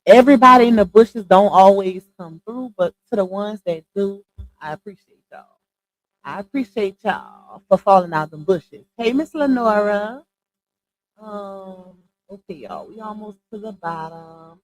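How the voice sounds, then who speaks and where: A woman's voice: medium pitch, a little slow, low-quality recording. A woman hosting a casual livestream, chatty and slangy, greeting viewers one by one and laughing easily. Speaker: livestream host.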